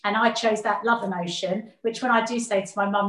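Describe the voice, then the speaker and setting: A woman's voice: medium pitch, steady tone, fairly quick, fairly bright tone. A woman speaking earnestly as an interview guest, reflecting on her family and often repeating words as she gathers her thoughts. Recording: roomy echo.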